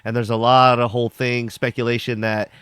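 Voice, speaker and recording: A young man casually reviews a TV episode, rambling with lots of fillers, especially "like," and acting out characters' lines as he recaps. His mid-range voice is brisk, flat, a bit bright and smooth, with no room sound.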